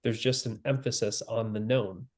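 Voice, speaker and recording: A man giving a spiritual teaching, speaking calmly and slowly with long pauses and repeated phrases. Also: on the low side. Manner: calm, slow and repetitive, with long pauses. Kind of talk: slow guided spiritual teaching.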